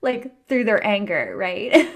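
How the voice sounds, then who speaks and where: A woman hosts a podcast in a relaxed conversation. She sounds earnest and encouraging as she talks. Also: mid-range voice, takes it slowly. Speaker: podcast host. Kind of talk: casual chat.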